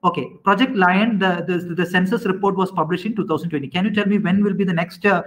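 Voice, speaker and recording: A man lectures an online class in a high voice. He keeps quizzing his students and repeats questions with halting restarts. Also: fairly even intonation, fairly bright tone, low-quality recording. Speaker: teacher.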